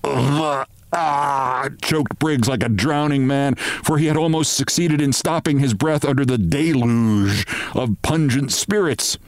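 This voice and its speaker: A man hosting a podcast, reading a short story aloud in a measured, expressive way. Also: medium pitch, dry recording. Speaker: podcast host.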